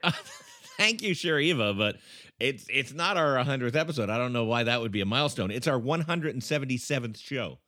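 A man's voice: medium pitch, lively intonation, brisk, pushed and bright. A man hosting a comedy podcast in a dry, wry, playful way. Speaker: host.

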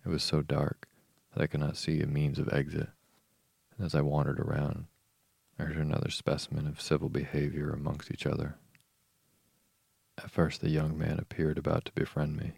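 A man, host of a sleep podcast, reading a classic novel aloud in a slow, even, soothing manner. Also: very deep voice, vocal fry, breathy edge, no echo. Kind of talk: calm bedtime reading of a novel.

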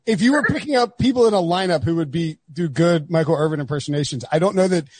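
High-voiced rambling male podcast host. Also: animated, quick pace, darkish tone, slightly rough, dry recording. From North Carolina, USA. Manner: rambling, restarts a lot. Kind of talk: casual podcast chat.

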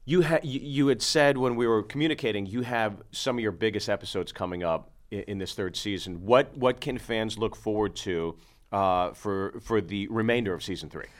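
A man's voice: fairly low pitch, moderate pace. A man hosting a comedy podcast, asking his guest questions in casual chat. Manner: lively, interviewer asking questions. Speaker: podcast host.

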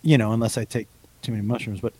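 A man's voice: lowish voice, fairly even intonation, fast talker, warm tone, slightly rough. A man co-hosting a podcast in casual chat, rambling and often breaking into laughter. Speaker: podcast co-host.

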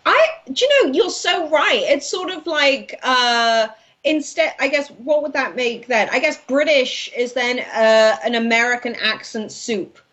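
A woman in her late twenties from Wales talks as a guest writer on a chat show. Her voice sits a little high and she sounds bubbly and easygoing, ready to laugh at any moment. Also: lively intonation, measured pace, fairly bright tone, lo-fi sound. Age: 20s. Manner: bubbly, chatty, laughs easily. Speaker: news and commentary writer, guest. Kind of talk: casual interview chat.

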